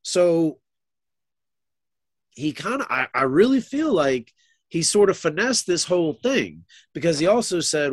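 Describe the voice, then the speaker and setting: A man in casual sports conversation who thinks aloud, circling back and restarting his sentences. His voice sits a little high for a man and is recorded dry, with no room sound. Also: big pitch swings, unhurried, pauses often, no room sound. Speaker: sports talk co-host.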